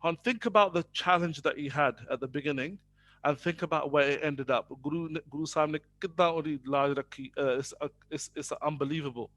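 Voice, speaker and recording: A man's voice: fairly high pitch, quick pace, fairly bright tone. Chatty man telling a faith story. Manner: conversational, many fillers, switches between English and Punjabi. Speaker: speaker telling faith stories. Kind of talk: storytelling talk to an audience.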